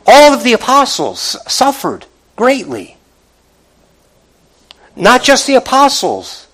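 A male preacher with a fairly high voice delivers a lively, conversational sermon. He throws rhetorical questions at the congregation and acts out quoted voices as he goes. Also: rough recording.

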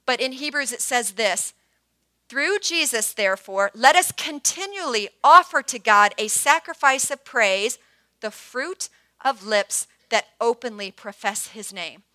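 Woman pastor in her fifties, bright and fairly high, dry close sound; earnest sermon delivery with hushed prayers. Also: expressive, a little slow, no echo. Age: 50s.

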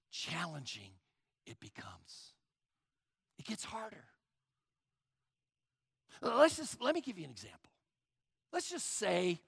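A male pastor preaching a sermon, emphatic and full of rhetorical questions, often trailing off to a hush at the end of phrases. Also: sits high, creaky, no room sound, studio quality. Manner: asks the congregation rhetorical questions.

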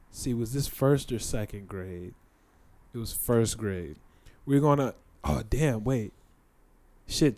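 A man's voice: mid-range voice, a little mellow. A young man hosting a casual podcast chat, telling loose, profane stories full of fillers. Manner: loose, profane storytelling with lots of "like". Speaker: podcast host.

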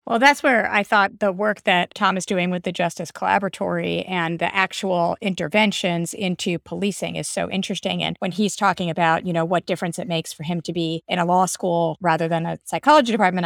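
A woman's voice: fairly low pitch, fairly even intonation, a little fast, creaky, few pauses, no room sound, clean studio sound. A woman co-hosting an academic podcast, talking in an enthusiastic, conversational way. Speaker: podcast co-host. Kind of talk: academic discussion.

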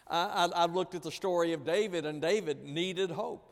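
A man's voice: fairly high pitch, normal speed. Earnest preacher man in a reverberant hall. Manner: earnest, repetitive preaching with big swings in loudness. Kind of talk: sermon. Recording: long reverb of a large hall.

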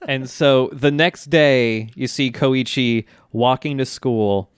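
A man co-hosts a casual podcast, retelling anime scenes with frequent laughter. His voice sits at an ordinary pitch and is recorded close and dry, with no room sound around it. He keeps an easy, chatty tone. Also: steady tone, a little slow, few pauses, clear, resonant tone, dry recording. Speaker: podcast co-host. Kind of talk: casual chat recapping an anime.

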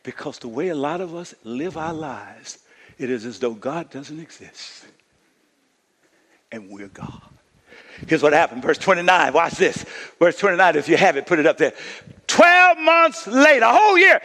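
A man preaching a sermon as pastor, emphatic, swinging from hushed lines to shouted ones. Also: a little high, animated, normal speed. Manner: emphatic preaching, drops to near-whisper and rises to shouts. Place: church sanctuary. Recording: long hall reverb.

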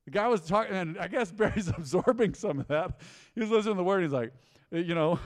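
Male pastor, slightly high voice, animated conversational sermon, long hall reverb. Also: a little fast. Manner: animated, conversational preaching with repetition. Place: church hall.

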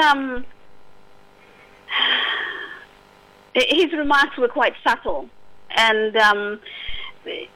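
Appearing on an interview show, an Australian poet from Western Australia recites her verse before slipping into hesitant, filler-heavy casual chat. She speaks extremely slowly with long pauses in a slightly high, bright, forceful voice, and the recording is rough.

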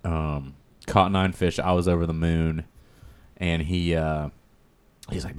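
A man's voice: deep voice, fairly even intonation, measured pace, smooth. A man casually telling a rambling fishing story in a chat, full of fillers and quoted dialogue.

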